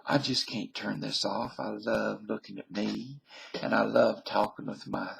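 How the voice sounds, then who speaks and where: A man's voice: on the low side, steady tone, unhurried, creaky, a bit bright, slight background noise. A Canadian-born man with a Southern US accent, talking to the camera in a folksy, meandering, self-mocking ramble. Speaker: vlogger. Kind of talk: rambling casual monologue.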